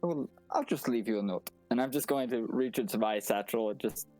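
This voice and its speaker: A man voicing his character in a tabletop game, halting and stammering as he talks. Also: medium pitch, a little mellow, faint music behind. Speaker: player. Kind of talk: in-character tabletop role-play.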